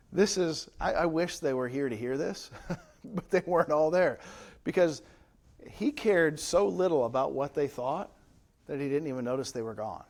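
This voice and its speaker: A man's voice: a little high, animated, unhurried, pauses often. A man preaching as pastor in a church, teaching from the Bible in a conversational way and often checking in with rhetorical questions. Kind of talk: Bible study sermon.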